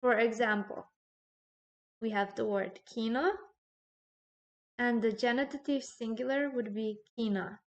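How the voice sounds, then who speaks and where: A woman teaching a recorded grammar lesson, explaining slowly and checking in with "okay?" between points. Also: a little high, fairly even intonation, lo-fi sound. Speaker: language teacher.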